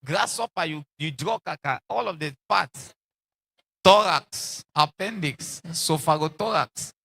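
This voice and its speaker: Animated, lively, bright-voiced male preacher. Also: a little high, unhurried, vocal fry, breathy edge. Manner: animated, acts out quoted voices, repeats lines for emphasis; laughs between lines. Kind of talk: sermon.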